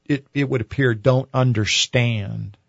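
A man's voice: mid-range voice, fairly even intonation, a little slow, vocal fry, no echo, dull audio. A man hosting a faith-based radio call-in show, speaking earnestly and with emphasis.

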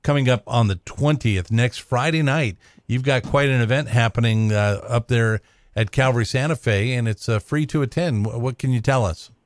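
A man hosts a live radio show from a studio, speaking at normal speed in a medium-pitched voice with no echo. His talk is loose and heavy on fillers, with many "uhs."

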